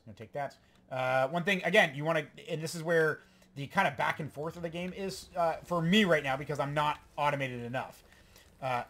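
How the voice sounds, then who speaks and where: A man hosting a let's play, giving excitable, rambling gameplay commentary and talking to himself. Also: on the high side.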